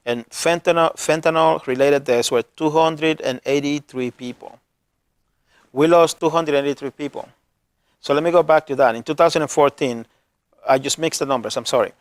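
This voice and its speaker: A man with a non-native accent hosting a community TV program as a health worker, earnest and emotional, halting often to restart his words. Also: a little high, clean tone, no room sound. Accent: non-native English accent.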